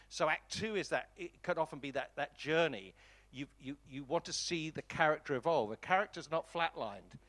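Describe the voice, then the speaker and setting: Animated man lecturing film students, high-pitched. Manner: animated and enthusiastic, voice jumps up when excited; frequent restarts and repeated words. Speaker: film industry master class lecturer.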